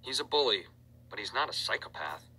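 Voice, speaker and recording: A man reading aloud and voicing a cautious, anxious young teenage boy in a raised, boyish pitch. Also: sing-song, fairly quick, pushed and bright, a little hiss or hum, exaggerated voice, poor audio. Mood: worried.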